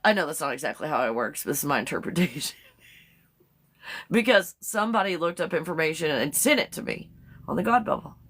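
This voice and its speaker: Woman, live-stream host, rambling casual talk, slightly low voice, quick to laugh. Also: animated, fairly bright tone, slightly rough. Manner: chatty, rambling, laughs often.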